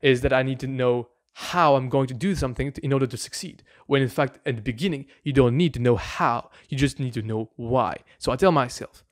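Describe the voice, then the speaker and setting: A man's voice: medium pitch, brisk, hardly any pauses. Earnest man coaching on mindset. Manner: earnest and informal, with frequent restarts and "right?" asides. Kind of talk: motivational self-help talk to camera.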